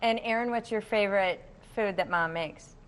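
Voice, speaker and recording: A woman hosting a TV talk show from a studio kitchen set, chatting and laughing easily with her guests. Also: medium pitch. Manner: bubbly, quick to laugh.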